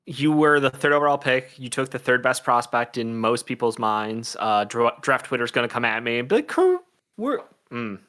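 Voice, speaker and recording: A man's voice: mid-range voice, flat delivery, brisk, hardly any pauses, bright, forceful tone, smooth. A man co-hosting a casual sports chat, talkative and analytical, thinking aloud as he goes. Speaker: co-host, draft analyst.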